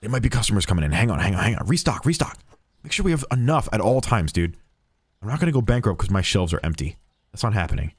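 A man's voice: medium pitch, very animated, fast, husky, no room sound. A man streaming a game, chatting playfully with in-game customers as if he were a cheerful cashier. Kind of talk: casual gameplay commentary.

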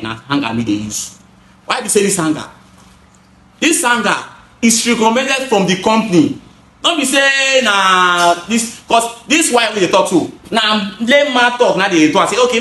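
A Nigerian-accented man who installs and sells gutters casually explains his products to the camera. His voice sits high with a fairly bright tone in an echoey room, and he is emphatic, repeats phrases, and switches into pidgin.

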